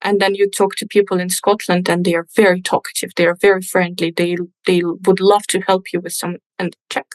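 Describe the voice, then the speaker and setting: A woman's voice: on the low side, brisk, hardly any pauses, no room sound, poor audio. A young woman, a native Russian speaker, telling stories in casual conversation as a podcast guest, with many restarts. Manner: chatty, restarts often, lively storytelling. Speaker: podcast guest, English teacher.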